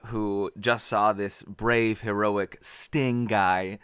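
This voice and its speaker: A man with a fairly low voice, recorded close and dry. He lays out his thoughts about a film in a thoughtful, rambling way. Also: steady tone, extremely slow, fairly bright tone, smooth, dry recording. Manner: thoughtful, explains at length. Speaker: podcast co-host. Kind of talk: casual film-review chat.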